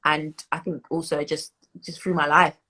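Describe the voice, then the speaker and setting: A woman's voice: sits low, level tone, moderate pace, pushed and bright, breathy edge, low-quality recording. A woman in her twenties with a British accent, talking reflectively as a guest in an interview, with many fillers and restarts. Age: 20s. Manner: reflective, many fillers and restarts, laughs as she tells stories. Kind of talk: interview conversation.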